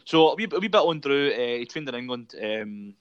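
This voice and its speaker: A man's voice: mid-range voice, lively intonation, a little fast, clear, resonant tone, dry recording, lo-fi sound. A Scottish man hosting a casual chat, rambling with many fillers and frequent laughs. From Scotland. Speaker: podcast host.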